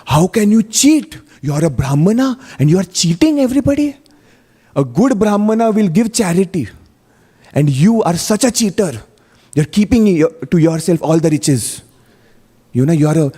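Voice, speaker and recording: An indignant villager hurls accusations at a stingy priest, as a man acts him out while preaching. The voice sits a little high and mellow, and it echoes with long hall reverb. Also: lively intonation, normal speed, breathy edge. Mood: accusing. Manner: accusing, heated.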